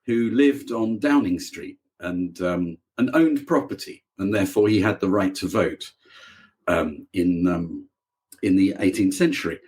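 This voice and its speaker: Lower-voiced man chatting as a guest. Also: measured pace, a little mellow. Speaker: author guest. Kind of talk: casual conversation.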